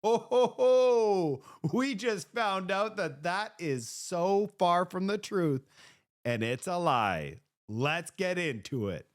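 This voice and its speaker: A man's voice: sits high, sing-song, takes it slowly, a bit bright. A man hosting opinionated political commentary, sarcastic and mocking in tone.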